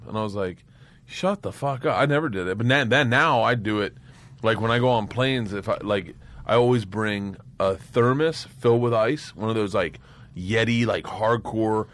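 A man with a somewhat low voice, chatting as a podcast guest. He tells long, profane stories at a loose, rambling pace. He bursts into big laughs between the lines. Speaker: comedian guest. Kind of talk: casual podcast storytelling.

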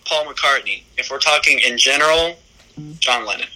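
A young man calling in as a podcast guest, friendly and halting with many fillers, heard over a phone call. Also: mid-range voice, pushed and bright. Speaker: guest caller. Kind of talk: casual chat.

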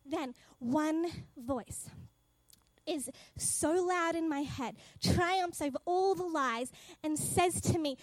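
A high-voiced woman tells a personal faith story with plenty of energy, acting out each conversation. The sound is dry and close, with no room around her. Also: slow, no room sound. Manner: lively storyteller, acts out dialogue, laughs often. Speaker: speaker sharing a testimony. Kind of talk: animated personal testimony.

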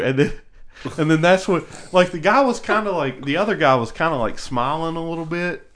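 Podcast dude rambling thru a story, laughs a lot, restarts constantly. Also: male voice, on the high side, expressive, normal speed, a bit bright. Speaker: podcast co-host. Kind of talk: casual chat.

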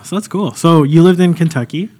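A young man co-hosting a podcast, chatting in a relaxed, loose and joking way. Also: fairly high pitch, brisk, breathy edge. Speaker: podcast co-host. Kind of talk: casual podcast chat.

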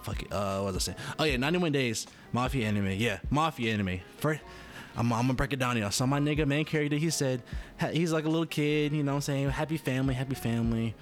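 A man's voice: mid-range voice, quick pace, soft background music. A man talking casually to his viewers in a rambling, profane monologue that keeps interrupting itself. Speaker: vlogger.

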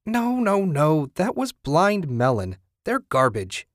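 A man's voice: mid-range voice, sing-song, slow pace, darkish tone, no room sound, clean studio sound. A man voicing a gushing young female college music fan in an audiobook, squealing and emphatic.

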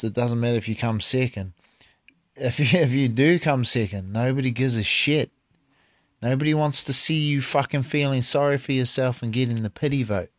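A man's voice: medium pitch, no echo. A man, a martial artist talking bluntly and profanely in a casual monologue.

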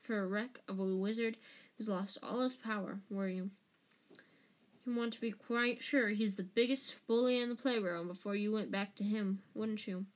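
A woman's voice: a little high, lightly acted. A woman voicing a bitter, menacing escaped male prisoner who growls and hisses his words venomously. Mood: accusing.

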